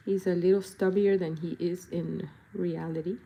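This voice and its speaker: A woman's voice: on the low side, level tone, moderate pace, creaky, mellow, a little hiss or hum. A young woman chatting playfully while she paints, reading comments and breaking into silly voices and jingles. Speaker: body painter and vlogger. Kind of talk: casual chat while painting.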